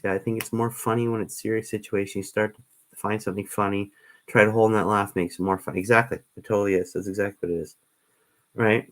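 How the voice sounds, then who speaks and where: Male streamer, slightly low voice, casual and rambling, lots of restarts. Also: fairly even intonation, normal speed. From Canada. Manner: casual, meandering, with many ums and restarts. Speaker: livestream host. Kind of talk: rambling livestream storytelling.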